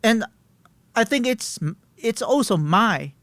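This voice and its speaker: A man's voice: very high voice, animated, slow, fairly bright tone, dry recording. Earnest man in his thirties. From Taiwan. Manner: earnest, emphatic, searching for words. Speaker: guest. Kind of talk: interview answers.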